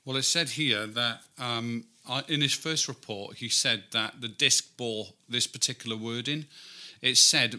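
A man's voice: mid-range voice, measured pace, pushed and bright. A British man co-hosting a casual chat, reading old newspaper articles aloud in a wry, chatty way. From Britain. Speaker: podcast co-host.

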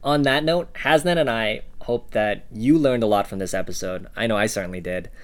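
A man co-hosting a language-learning podcast, explaining words in a relaxed way with fillers. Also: lowish voice, brisk. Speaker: podcast co-host. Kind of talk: casual language lesson podcast.

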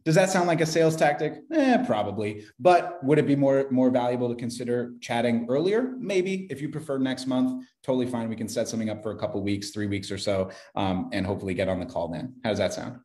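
A man's voice: mid-range voice, fast, hardly any pauses, warm tone. A man making a cold sales call, upbeat and chummy in manner. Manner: upbeat, chummy, says bro a lot. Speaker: sales caller. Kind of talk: cold-calling sales pitch.

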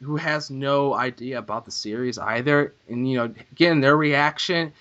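A man co-hosting a gaming podcast, chatting casually and getting excitable and gushing when thrilled. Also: mid-range voice, normal speed, highs cut off. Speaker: podcast co-host.

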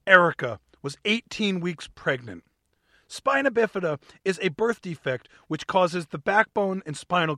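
A bubbly, giggly male podcast host who talks in a high, lively voice that jumps around a lot. His tone is bright and he is recorded close in a dry, dead-sounding space. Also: dry recording. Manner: bubbly, giggly, playfully over the top. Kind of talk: upbeat talk show chat.

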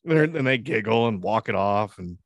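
A man's voice: lowish voice, lively intonation, brisk, dry recording, highs cut off. A man in his thirties co-hosting a podcast, telling a loose, profane family story with voiced quotes. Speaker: podcast co-host. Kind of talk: casual podcast chat.

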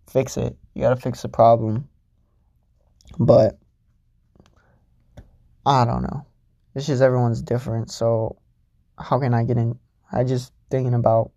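A young man with a mid-range, dark-toned voice hosts a solo podcast, rambling casually, swearing freely and mocking himself along the way. The sound is lo-fi with no echo.

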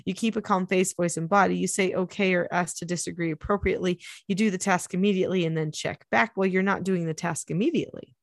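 A middle-aged woman hosting a parenting podcast, explaining steps in a steady, instructive way. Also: on the low side, quick pace, vocal fry, hardly any pauses, no room sound. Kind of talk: casual advice chat.

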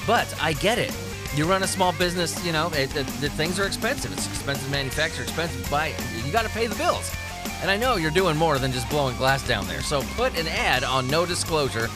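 A man's voice: fairly high pitch, animated, fairly quick, music in the background. A man hosting a podcast, talking in a sarcastic, profane and rambling way. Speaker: podcast host. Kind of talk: casual podcast monologue.

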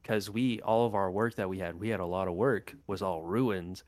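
A man's voice: sits low, moderate pace, darkish tone. A young man in casual chat, laid-back and teasing, who drops the final g on his words.

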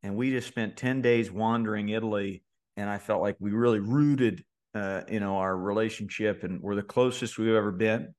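An easygoing man in his thirties chats on a podcast, with a fairly low voice. He rambles warmly through his story, full of "uh" and small restarts. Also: steady tone, moderate pace. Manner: laid-back storyteller, many fillers and restarts. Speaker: podcast co-host. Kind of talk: casual podcast chat.

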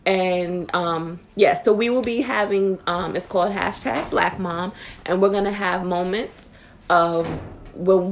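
A woman co-hosting a podcast in casual chat, an animated storyteller who giggles and speeds up when excited. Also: fairly low pitch, measured pace. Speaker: podcast co-host.

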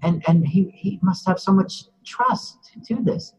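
A man putting on a courteous English gentleman. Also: high voice, wildly swooping pitch, unhurried, slightly rough, big-room sound, pitched above the performer's own voice, exaggerated voice, poor audio. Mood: politely amazed. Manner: courteous, softly amazed. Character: polite English male celebrity, gentle and curious.

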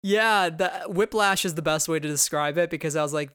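A host in a casual chat, animated and quoting scenes in different voices. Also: medium pitch, brisk, smooth, no echo, clean studio sound. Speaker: podcast host.

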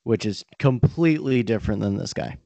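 Male podcast co-host, mellow voice, dull dry recording, wry teasing delivery. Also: lowish voice, lively intonation, fairly quick, creaky, no echo. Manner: wry, teasing, swears casually. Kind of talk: casual chat.

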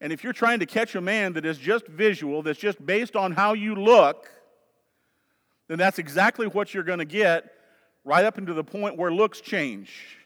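A pastor with a Southern US accent preaching a sermon, swinging between loud urging and quiet low asides. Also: male voice, moderate pace. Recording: long hall reverb.

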